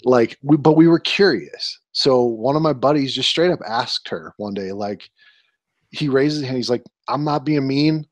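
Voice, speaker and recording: A man's voice: medium pitch, normal speed, dry recording. A man in his twenties co-hosting a casual podcast, telling annoyed stories with an exasperated, ranting manner. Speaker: podcast co-host.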